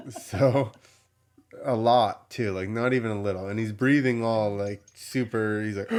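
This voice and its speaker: A man hosting a podcast, telling a story in a casual, animated way, with swearing and laughter. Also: fairly low pitch, clean tone. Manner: animated, profane, laughs while telling stories. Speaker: podcast host.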